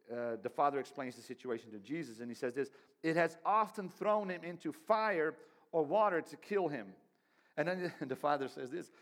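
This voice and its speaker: A middle-aged man, a pastor and father, preaching a sermon in an earnest, conversational way, often restarting phrases and laughing lightly. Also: mid-range voice.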